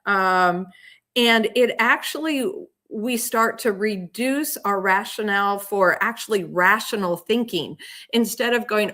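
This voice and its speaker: A middle-aged woman coach explaining in an interview, animated, acting out the voices she quotes. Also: medium pitch, unhurried. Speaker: parenting and teen coach.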